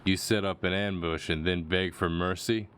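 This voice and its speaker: Man reading a tough stoic yakuza, low voice, unshowy. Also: fairly even intonation, normal speed, a bit bright, clean tone. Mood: stern.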